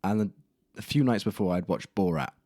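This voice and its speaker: A man's voice: low-pitched, brisk, dark tone, no room sound, clean studio sound. A young man hosting a solo podcast, telling embarrassing stories in a rambling, self-deprecating way with casual swearing. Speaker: podcast host. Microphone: camera mic in a room.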